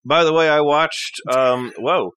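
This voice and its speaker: A man's voice: on the high side, measured pace, a bit bright, clean tone. A man co-hosting a podcast in casual chat, rambling and stammering with frequent laughs. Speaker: podcast co-host.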